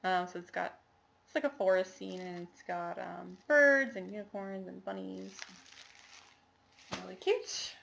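Chatty woman with a gravelly voice. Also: medium pitch, steady tone, unhurried, a bit bright, slight background noise. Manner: rambling, chatty, many fillers and apologies. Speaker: cross-stitch vlogger. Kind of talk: casual show-and-tell chat.

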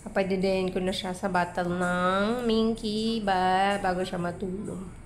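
A woman's voice: medium pitch, animated, unhurried, a bit bright, faint music behind. A young Filipino mother with a Filipino accent vlogging at home, chatting to viewers and playing baby-talk games with her toddler. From Philippines. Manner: switches between talking to viewers and playful baby talk to a toddler. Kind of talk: casual home vlog. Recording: echoey room with clear background noise.

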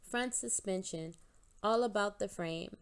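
A woman reading a children's picture book aloud with a steady, clear delivery. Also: medium pitch, a little slow. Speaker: storybook reader.

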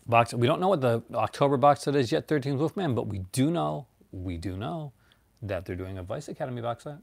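A man's voice: medium pitch, animated, brisk, vocal fry, no echo. A man hosting a casual, rambling chat about his movie collection, laughing often.

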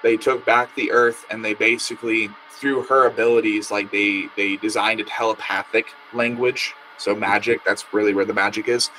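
Excitable rambling male podcast host. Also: fairly low pitch, moderate pace, hardly any pauses, a little hiss or hum. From Australia. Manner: rambling, excitable, swears casually. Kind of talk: casual podcast interview chat.

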